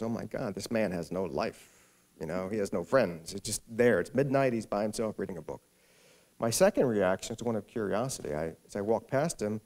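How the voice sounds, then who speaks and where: A man's voice: on the low side, darkish tone. A middle-aged man, the featured author at a library event, telling a funny anecdote to an audience and acting out the people in it. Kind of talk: storytelling talk to an audience. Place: event hall before a live audience.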